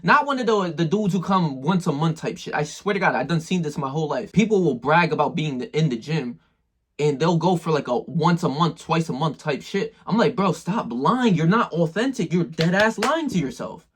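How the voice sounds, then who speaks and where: A man's voice: a little high, animated, a little fast, breathy edge. A man talking straight to the viewer in a casual motivational monologue, full of slang and swearing. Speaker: self-improvement video maker.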